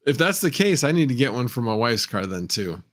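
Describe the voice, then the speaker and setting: A man hosting a casual livestream, thinking out loud and reading viewer comments as he goes. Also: mid-range voice, very animated, fairly quick. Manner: rambling, reads chat aloud, thinks out loud. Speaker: livestream host.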